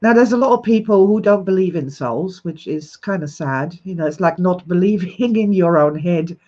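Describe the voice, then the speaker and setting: An enthusiastic, expressive woman in her sixties who laughs often as she hosts a livestream and greets her viewers. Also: on the low side, moderate pace. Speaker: host. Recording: slightly dull lo-fi recording.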